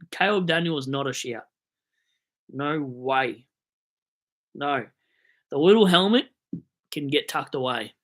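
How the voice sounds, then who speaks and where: A young Australian man's voice, on the high side and a bit bright, carries a casual fantasy football live stream. Hyped on coffee, he rambles and jokes throughout.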